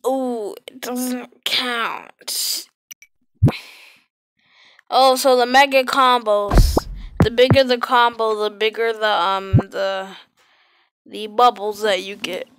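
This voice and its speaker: A woman's voice: on the high side, level tone, takes it slowly, pauses often, no echo. A woman giving casual, sarcastic gameplay commentary into a close mic, with sudden exclamations. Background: loud game music.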